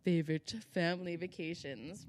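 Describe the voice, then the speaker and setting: A woman's voice: fairly low pitch, fairly even intonation, moderate pace, slight background noise. A woman in her thirties co-hosting a podcast, telling rambling, profane stories in casual chat and laughing often. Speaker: podcast co-host.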